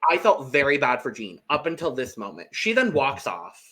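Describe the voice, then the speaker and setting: A man's voice: medium pitch, moderate pace. A man co-hosting a podcast, recapping a reality show in casual chat and acting out the contestants' lines. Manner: animated, acts out quotes from the show. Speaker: podcast co-host.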